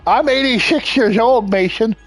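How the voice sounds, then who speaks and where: A man's voice: very high-pitched, moderate pace, no room sound, faint music behind, voice pushed up. A man voicing a bossy, toothless eighty-six-year-old man who barks orders.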